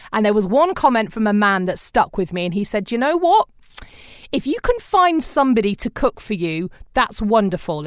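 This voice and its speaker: A woman's voice: a little high, fairly bright tone, clear, resonant tone, dry recording, clean studio sound. A British woman hosting a podcast in a casual interview chat, cheering her guest on in an encouraging way. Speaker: podcast host.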